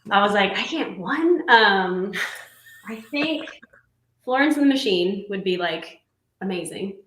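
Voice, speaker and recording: A woman chatting casually as a musician guest, talkative and quick to laugh. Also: medium pitch. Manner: giggly and chatty, with lively laughs. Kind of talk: casual chat. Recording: roomy echo.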